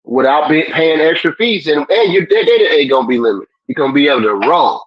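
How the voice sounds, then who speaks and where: Male co-host, animated pitch, blunt and teasing, muffled lo-fi remote audio. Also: fast talker. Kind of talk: casual tech chat.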